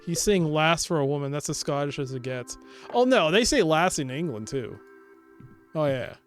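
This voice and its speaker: Male streamer, playful chatter, slightly high voice, game music behind. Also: animated, normal speed. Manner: playful, joking. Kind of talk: live let's play commentary.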